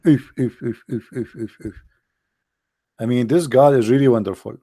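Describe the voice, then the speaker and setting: Here a man with a mid-range, dark voice ridicules religious material, his delivery sarcastic and lilting as he slowly draws out quotations. The recording has no room sound and a clean studio finish.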